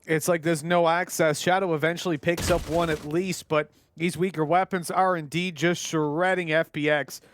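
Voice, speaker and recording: A man with a fairly high voice gives relaxed color commentary on an esports match, mixing analysis with jokes. Faint game sounds play under his voice. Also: moderate pace, few pauses, background noise. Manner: laid-back, jokey analysis. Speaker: esports co-caster.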